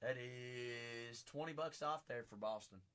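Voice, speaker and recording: A man hosting a live-streamed card break, chatting with viewers by name, teasing them, and breaking into hype shouts as he talks through teams while standing. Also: medium pitch, unhurried, smooth. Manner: hype-driven, bursts into shouts. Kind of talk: live-stream auction patter.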